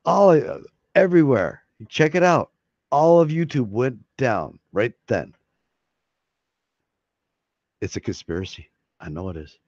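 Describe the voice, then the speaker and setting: A man's voice: mid-range voice, expressive, unhurried, long pauses, darkish tone, no room sound. Man, casual live-stream chat, rambling, swears and laughs, dry lo-fi desk mic. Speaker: streamer hosting a live hangout. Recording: dry, slightly dull lo-fi sound.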